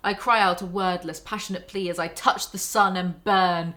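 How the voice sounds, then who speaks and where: A young woman mocking a novel as she reads passages aloud, sarcastic and exasperated and quick to swear. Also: on the low side, fairly even intonation, pushed and bright. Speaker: book commentary vlogger. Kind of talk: sarcastic book commentary with read-aloud excerpts.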